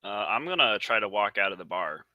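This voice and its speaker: A man playing a tabletop game, speaking in a flat, low-key way. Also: fairly quick, no room sound, dull audio.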